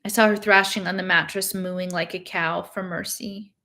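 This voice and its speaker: A woman with a somewhat low voice reading a novel aloud. Her first-person narration is steady and plain, carrying the story along without fuss. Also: moderate pace. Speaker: reader.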